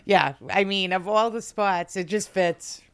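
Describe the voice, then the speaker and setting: A woman's voice: medium pitch, steady tone, unhurried, fairly bright tone, clear, resonant tone. A middle-aged woman with a Boston accent, a comedian chatting as a podcast guest and acting out other people's lines as she tells her stories. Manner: storytelling, acts out quotes in voices. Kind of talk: casual podcast chat.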